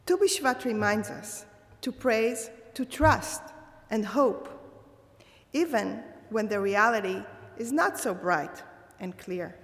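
Slow, gravelly woman preaching in a hall. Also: fairly high pitch. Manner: slow, measured, thoughtful delivery. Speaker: religious speaker. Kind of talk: reflective holiday sermon.

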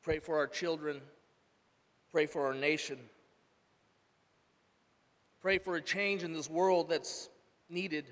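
A man's voice: fairly high pitch, steady tone, slow pace, long pauses. Earnest man preaching in an echoing hall. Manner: earnest, swells loud then drops soft. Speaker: church speaker, father. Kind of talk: emotional sermon testimony.

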